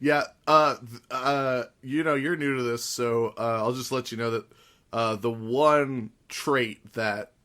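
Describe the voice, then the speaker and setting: A man's voice: mid-range voice, fairly even intonation, slow pace, a bit bright. Chatty laughing man hosting a podcast. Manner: chatty, laughs a lot, wry. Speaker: podcast host. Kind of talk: casual podcast chat.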